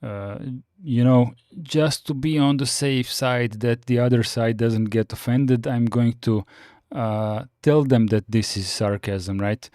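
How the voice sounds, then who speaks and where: A man hosting a live-streamed lesson, reading through command notes and answering chat in a steady, explanatory way with frequent fillers. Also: medium pitch, takes it slowly, hardly any pauses, clean tone, no echo, studio quality. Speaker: Linux course host.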